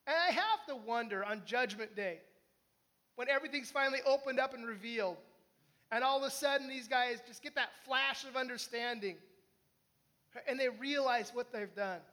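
A man's voice: very high-pitched, moderate pace. A man preaching a conversational sermon, often asking his listeners questions. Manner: conversational, animated, asks the listeners. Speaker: pastor.

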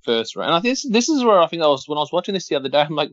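A man's voice: a little high, big pitch swings, racing, fairly bright tone, no room sound. Chatty man on a dull, dry podcast recording. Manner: chatty, running play-by-play with laughs. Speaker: podcast co-host. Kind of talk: casual watch-along chat.

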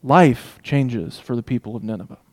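Preaching an emphatic expository sermon, this man alternates booming proclamations with quiet asides. He speaks in a mid-range voice at normal speed.

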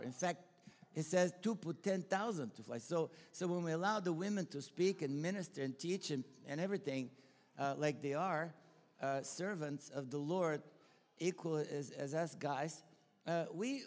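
A man's voice: fairly high pitch, normal speed, a little mellow. An older man from Bulgaria with a Bulgarian accent, preaching informally in a rambling, enthusiastic way full of restarts. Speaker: pastor and school leader. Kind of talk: informal sermon with personal stories. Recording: long hall reverb.

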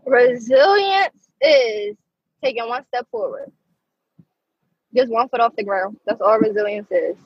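A woman's voice: mid-range voice, moderate pace, long pauses, breathy edge, muffled recording. A woman in her twenties giving an earnest, heartfelt testimony as a guest over a video call. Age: 20s. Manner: earnest, emphatic, speaks from the heart. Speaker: guest speaker.

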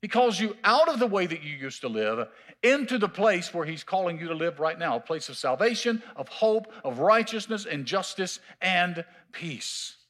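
A man preaching a sermon as pastor in a church, emphatic and drawn-out, repeating his key words. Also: high voice, very animated, a bit bright. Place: church sanctuary.

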